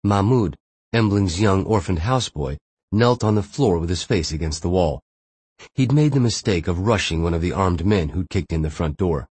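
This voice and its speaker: A man narrating a thriller audiobook in a steady, measured way. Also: sits low, breathy edge, dry recording.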